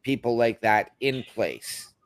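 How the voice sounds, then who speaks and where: A man's voice: mid-range voice, lively intonation, slow pace. A man co-hosting a casual podcast, reading out news items and commenting on them. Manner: reads out announcement details, then comments. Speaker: podcast co-host.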